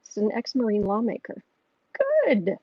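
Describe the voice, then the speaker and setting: A woman's voice: mid-range voice, steady tone, normal speed, no echo. An American woman hosting an astrology livestream, chatting casually, rambling and reading out viewer questions. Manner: soft cooing baby talk to her cat. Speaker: astrology and tarot livestream host. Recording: muffled lo-fi mic, dry room.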